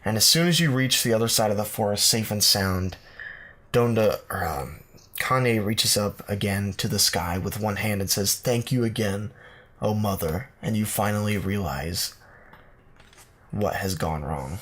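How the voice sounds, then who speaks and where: A man's voice: fairly low pitch, moderate pace, fairly bright tone. A man co-hosting a podcast, narrating an improvised comic quest story in a meandering, playful way full of ums. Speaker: podcast co-host.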